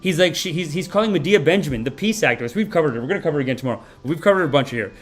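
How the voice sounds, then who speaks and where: A man in his thirties from Canada hosting a live-stream podcast of satirical commentary, profane and animated, swinging between loud outbursts and mumbled asides. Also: fairly high pitch, racing, soft background music. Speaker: podcast host.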